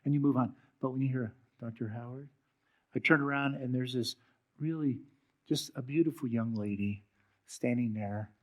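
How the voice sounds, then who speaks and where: A pastor preaching a sermon in a church, telling a story and putting direct questions to his congregation, then slowing into a soft prayer. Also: medium pitch. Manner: closes in a slow, soft prayer.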